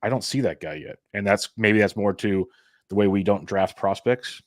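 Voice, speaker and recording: In clean studio sound with no room noise, a man with a lowish voice co-hosts a fantasy baseball podcast at normal speed. The sports chat is casual, with a slightly sarcastic edge.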